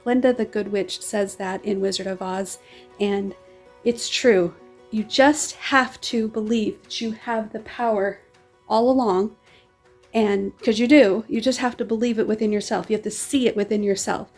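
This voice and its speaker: A woman's voice: mid-range voice, steady tone, moderate pace, darkish tone, faint music behind. Chatty woman vlogging to her viewers. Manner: enthusiastic and chatty. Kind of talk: casual talk to viewers.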